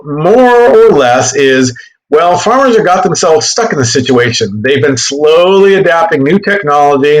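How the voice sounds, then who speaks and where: A man giving a history lecture in class, animated and joking, often correcting himself mid-sentence. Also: fairly high pitch, rough recording. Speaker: history teacher.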